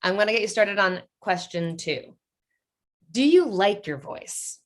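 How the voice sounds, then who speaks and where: Slow, playful woman leading an online workshop. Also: mid-range voice, expressive. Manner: playful and upbeat, reads chat answers aloud with laughs. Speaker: workshop leader. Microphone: video call.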